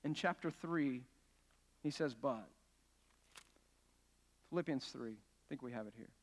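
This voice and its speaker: A man's voice: medium pitch, unhurried. A male pastor preaching a sermon in an earnest, emphatic way, asking his listeners questions as he builds each point. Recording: long hall reverb.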